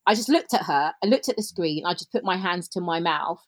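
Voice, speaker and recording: A woman, telling her story as a podcast guest in an animated way, acting out bits of dialogue. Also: fairly low pitch, brisk, dry recording. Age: 40s. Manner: animated, laughs often, reenacts dialogue. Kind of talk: casual storytelling.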